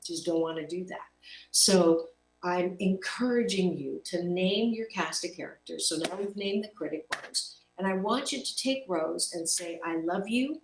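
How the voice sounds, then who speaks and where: A woman's voice: fairly low pitch, normal speed. A middle-aged woman hosting a talk show as a life coach, speaking earnestly and emphatically, sometimes repeating words as she searches for them. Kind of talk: motivational talk to camera. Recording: echoey room heard from a distance, faint hum.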